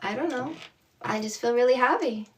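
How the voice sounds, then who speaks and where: Bubbly, high-voiced woman livestreaming. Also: normal speed, far from the mic. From Canada. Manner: bubbly, laughing, affectionate with viewers. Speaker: dating coach. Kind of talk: casual livestream chat.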